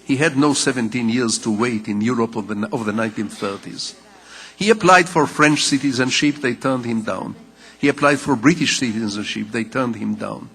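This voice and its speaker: An older man who grew up speaking Hebrew gives a public lecture in English, telling personal stories in a measured, wry way with deliberate pauses. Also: medium pitch, a bit bright, slightly rough. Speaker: lecturing novelist. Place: conference hall. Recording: reverberant lecture hall.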